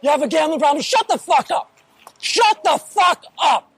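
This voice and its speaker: A man's voice: very high voice, lively intonation, moderate pace. An actor playing a furious crime boss who berates and curses at his crew in a film clip. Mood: raging. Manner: shouting, profane, taunting. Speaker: film character in a played clip. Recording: film clip with music behind.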